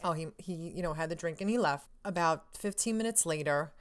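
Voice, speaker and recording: A woman vlogger rambles through a story, casual and excitable, packing it with fillers and acting out her own lines. Her voice is low and her delivery brisk.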